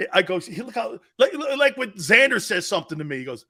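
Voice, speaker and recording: Rowdy, laughing sports talk host. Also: male voice, sits high, animated, quick pace, vocal fry, few pauses, dry recording, studio quality. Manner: loud, laughing, rowdy storyteller who swears. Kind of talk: animated sports talk storytelling.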